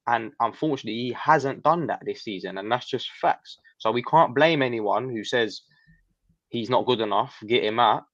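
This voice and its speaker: A man's voice: mid-range voice, moderate pace, a bit bright, no echo. A man in a casual football fan debate, laid-back and slang-heavy. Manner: laid-back, slang-heavy, "you know what I'm saying". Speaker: football fan show co-host. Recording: slightly dull, dry call audio.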